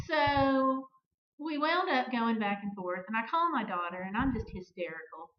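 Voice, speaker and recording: A middle-aged woman hosting a vlog, telling a personal story in an animated way and acting out both sides of an argument. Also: a little high, normal speed. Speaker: vlog host. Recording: echoey, dull-sounding room recording.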